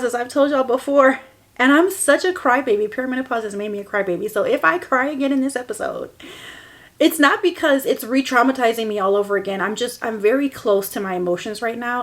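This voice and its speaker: A woman's voice: mid-range voice, fairly bright tone. A woman in her forties hosting a personal podcast, telling her own story in a candid, emotional way. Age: 40s. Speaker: podcast host.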